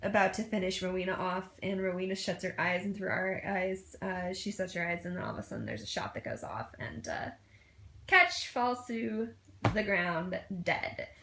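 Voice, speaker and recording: A woman's voice: on the low side, expressive, moderate pace, fairly bright tone, echoey room, slight background noise. A woman giving a casual, gushing fan review, full of fillers and restarts, often breaking into laughter.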